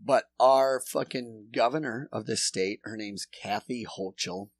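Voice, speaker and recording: A man's voice: mid-range voice, a little slow, dry recording. Profane ranting man, dry sound. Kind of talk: casual chat, ranting.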